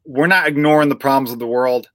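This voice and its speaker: A man's voice: medium pitch, fast, a bit bright, no echo. Chicago-accented male podcast host, thirties, loose and rambling, dry close mic. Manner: rambling, swears casually, restarts a lot. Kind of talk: casual comedy podcast chat.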